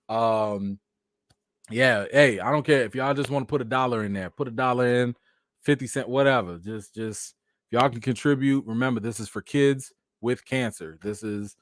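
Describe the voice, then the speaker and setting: A man hosting a casual live-stream chat, thanking viewers and reacting to news, animated and excitable. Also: no room sound, clean studio sound. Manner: animated, jumps high when excited, addresses chat directly.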